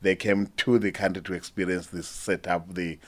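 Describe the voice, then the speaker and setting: A man's voice: deep voice, level tone, normal speed. A man representing a sportswear brand, explaining product technology in corporate phrasing during an interview. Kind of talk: radio interview answer.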